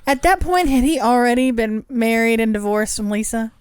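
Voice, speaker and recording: A woman co-hosting a podcast, chatting quickly and agreeably. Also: fairly high pitch, steady tone, clear, resonant tone, no echo, clean studio sound. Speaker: podcast co-host. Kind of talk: casual chat.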